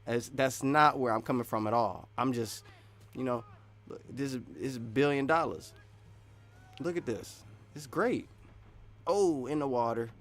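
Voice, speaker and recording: A man hosting a show, talking casually about video game news in an excited, animated way, and he often breaks into loud bursts. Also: mid-range voice, measured pace, long pauses. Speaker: host.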